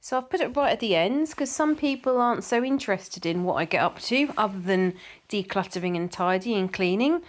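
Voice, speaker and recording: Chatty middle-aged Englishwoman, casual vlogger, mid pitch, rambling anecdotes. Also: lively intonation, brisk. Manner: chatty, repeats words, tells anecdotes. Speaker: vlogger reading viewer comments. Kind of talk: casual chat.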